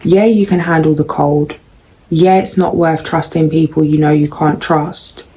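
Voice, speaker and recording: A woman doing a casual tarot reading, musing and unhurried, with frequent pauses and ums. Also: deep voice, fairly even intonation, dark tone, rough recording. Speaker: tarot reader.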